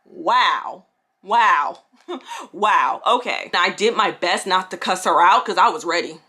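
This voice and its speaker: Young woman ranting storytime, sassy and fed up, bright sharp voice. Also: on the low side, expressive, slow pace. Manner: indignant, sassy, quoting friends in mock voices. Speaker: vlogger. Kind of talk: storytime vlog.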